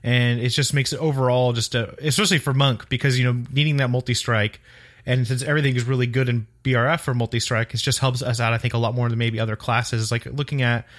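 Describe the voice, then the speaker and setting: Male podcast co-host, mid-pitch, loose rambling delivery. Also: steady tone, fast, a bit bright. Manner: rambling, many restarts and fillers. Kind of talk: casual gaming chat.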